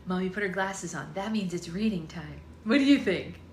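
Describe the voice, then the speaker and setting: A woman's voice: on the low side, moderate pace. A woman hosting a casual livestream read-along at home, chatting and laughing while talking to her baby and to viewers. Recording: roomy with noisy background.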